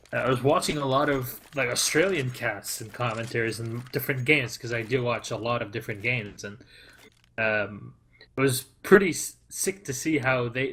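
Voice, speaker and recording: Chatty male esports caster, mid pitch. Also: pushed and bright. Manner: casual and chatty, many fillers, loose play-by-play. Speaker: esports commentator. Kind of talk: live esports commentary.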